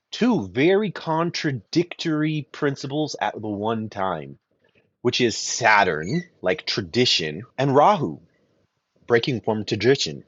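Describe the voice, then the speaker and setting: A man tells a teaching story with a lively, expressive voice that rises and falls widely. His tone is husky and breathy, and he often restarts his sentences. The recording is dull, lo-fi and dry. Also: medium pitch, dry recording. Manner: animated storyteller, frequent restarts. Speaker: Vedic astrologer guest.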